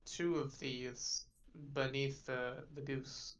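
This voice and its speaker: A man's voice: medium pitch, steady tone, slow pace, fairly bright tone, highs cut off. A man playing a tabletop game, talking in an easygoing, polite way. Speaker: player. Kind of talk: casual tabletop play.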